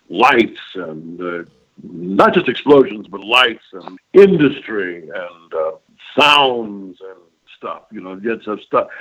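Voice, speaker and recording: A man's voice: mid-range voice, slightly rough. An older man, a voice actor guest, telling rambling, emphatic stories in an interview and often checking in with his listener. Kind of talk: reminiscing interview talk. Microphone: phone call. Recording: phone line, lo-fi.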